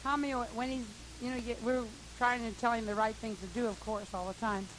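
A woman telling a long, lively, profane anecdote to a group, laughing often. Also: fairly high pitch, fairly quick. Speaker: storyteller at a meeting. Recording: hissy old tape recording.

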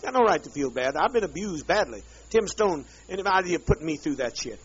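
A man rants at a gathered group, bitter and profane, dragging out his words in a slow drawl. The sound is muffled and lo-fi, like an old archive tape, with a faint hiss behind. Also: on the high side, animated. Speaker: leader addressing a group. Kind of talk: angry profane rant.

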